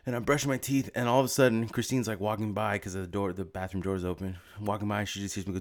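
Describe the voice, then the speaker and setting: A man's voice: on the low side, fast. A young man in casual crude banter on a podcast, rambling, swearing and laughing often.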